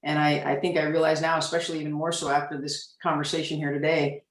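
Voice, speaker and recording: A woman in her forties, a police officer on a discussion panel, telling a candid story from her career in a reflective way with frequent pauses. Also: low-pitched, level tone, reverberant, far from the mic, poor audio.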